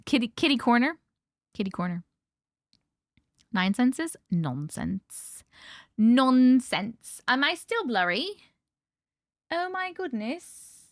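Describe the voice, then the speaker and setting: A woman's voice: on the high side, very animated, slow pace, long pauses, dry recording, clean studio sound. A woman hosting a livestream, chatting casually with viewers, greeting them by name and laughing often. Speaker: livestream host.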